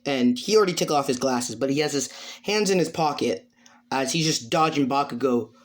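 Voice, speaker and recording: Rambling male storyteller. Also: medium pitch. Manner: rambling, many fillers. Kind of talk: improvised fan story narration.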